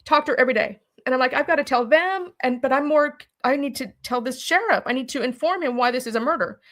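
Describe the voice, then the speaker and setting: A woman's voice: high-pitched, fast, fairly bright tone. Urgent, emphatic middle-aged woman. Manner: urgent and emphatic, acts out her own past words in quotes. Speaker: interview guest. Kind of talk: emotional personal storytelling.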